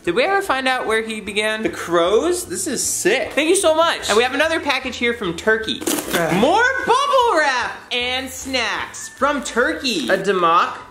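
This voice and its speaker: A man hosting a casual vlog, teasing his friends and excitedly opening fan mail. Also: sits high, normal speed, slight background noise. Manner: playful, teasing, excitable while unboxing. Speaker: vlogger host. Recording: echoey room.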